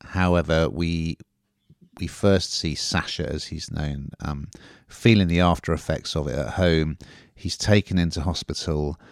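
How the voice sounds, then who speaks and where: A man with a very low voice hosts a casual podcast chat, rambling a bit as he reviews a TV drama. The sound is dry and close, with no room around it. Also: fairly even intonation, a little slow, vocal fry, no room sound. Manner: chatty, rambling with fillers.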